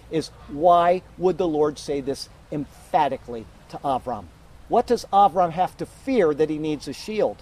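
A male pastor delivers an emphatic sermon, working through a scripture passage and warning his congregation. His voice is mellow and warm, sitting a little higher than most men's. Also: poor audio. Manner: emphatic, teaching verse by verse.

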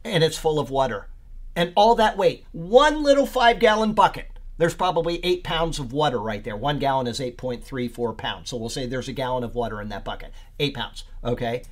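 A man's voice: medium pitch, a little fast, few pauses. A man leading a podcast Bible study, rambling and searching for words with many fillers, then reading aloud and leaning hard on key words.

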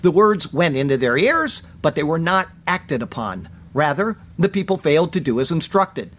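A man reading a scripted sermon. He quotes scripture at length and slows down to sound out Hebrew words. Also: a little high, sing-song, fairly bright tone, slight background noise. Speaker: pastor.

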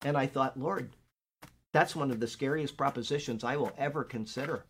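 A man's voice: medium pitch, normal speed, fairly bright tone, slight background noise. An older man teaching a Bible class in an earnest, conversational way, often checking in with his listeners. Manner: conversational, earnest, frequent "okay?" check-ins.

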